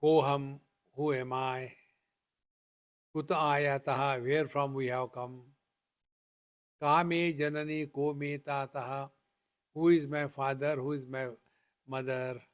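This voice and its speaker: Slow, deliberate older Indian man teaching. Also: medium pitch, little pitch movement. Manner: slow, deliberate, repetitive teaching with rhetorical questions. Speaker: spiritual teacher. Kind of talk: spiritual discourse.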